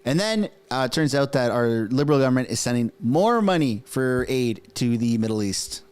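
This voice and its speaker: A man's voice: mid-range voice, animated, moderate pace, darkish tone, clean tone. Exasperated man ranting about politics. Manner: exasperated ranting, many restarts. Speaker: political commentary host. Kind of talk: casual reaction commentary.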